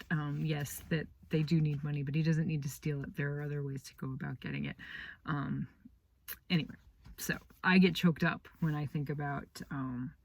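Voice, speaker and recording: A woman author talks casually and reads her own book aloud. Her voice sits low for a woman, and the sound is dry and close. She talks with plenty of fillers and is openly moved by the story. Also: dry recording. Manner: chatty, with filler words, openly emotional about her story. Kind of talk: casual chat and read-aloud narration.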